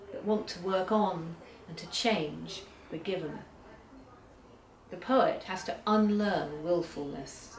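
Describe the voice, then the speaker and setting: Woman, academic poetry lecture, measured, echoey hall, far-off mic. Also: on the low side. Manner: measured, reads poems aloud slowly.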